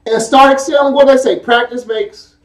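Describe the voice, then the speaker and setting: A man's voice: extremely high pitch, steady tone, normal speed. Man, pastor, emphatic call-and-response sermon, echoey room, distant mic. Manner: emphatic call-and-response preaching, casual asides. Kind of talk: sermon with Bible reading.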